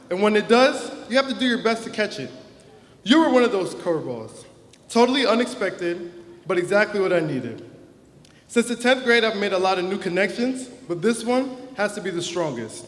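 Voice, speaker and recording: A young man with a high voice delivers an earnest, heartfelt graduation speech from the stage. His words ring out through a big hall with a long, echoing reverb. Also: big pitch swings, normal speed, a bit bright. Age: young adult. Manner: earnest, heartfelt, emotional at times. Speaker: class president giving a graduation speech. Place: large hall or auditorium. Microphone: microphone on a stage.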